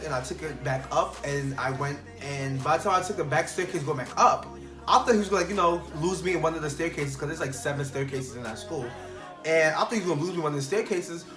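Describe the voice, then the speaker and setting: A young man telling a casual storytime vlog, animated and full of fillers, acting out the people in his story. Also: a little high. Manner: animated, quotes people in changed voices, many fillers. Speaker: vlogger. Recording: echoey room with faint music.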